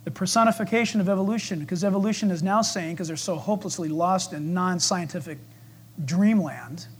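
A man preaching a sermon, swinging between loud declarations and hushed asides, acting out voices and asking the congregation questions. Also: high voice, brisk, slightly rough.

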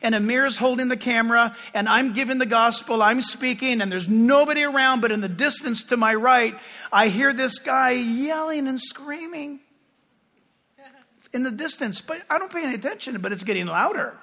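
A man's voice: extremely high pitch, normal speed, pushed and bright. A male pastor preaching a sermon, telling stories animatedly and addressing the congregation, with long hall reverb.

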